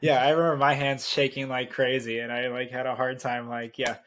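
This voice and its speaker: A man co-hosting a podcast who chats in a relaxed, sympathetic way. His voice has a medium pitch and an everyday tone. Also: a little fast, slight background noise. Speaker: podcast co-host. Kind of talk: casual chat.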